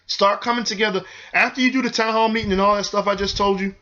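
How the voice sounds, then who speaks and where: A man's voice: sits high, fairly even intonation, fast, pushed and bright, lo-fi sound. A young man hosting his own show, giving earnest, preachy advice straight to viewers in a direct, urgent way. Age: young adult. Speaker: show host. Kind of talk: earnest community advice monologue.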